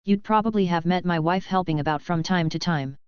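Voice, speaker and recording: A woman narrator voicing an excitable middle-aged male doctor, lightly voiced within the narration. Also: on the low side, fairly quick, clean tone, no echo, close to an everyday voice. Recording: dull lo-fi recording.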